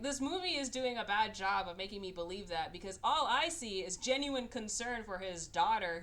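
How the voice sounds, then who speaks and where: A woman co-hosting a podcast, retelling a movie plot in a casual, animated way and acting out the characters' lines. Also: mid-range voice. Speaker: podcast co-host. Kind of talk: casual movie recap chat.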